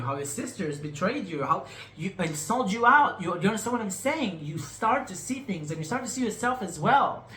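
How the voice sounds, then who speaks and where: A man with a bright, forceful, higher-pitched voice vlogs candidly to camera about his personal healing. He rambles emotionally, repeats himself, trails off, and teases his viewers frankly. The room is echoey, with a little hiss or hum.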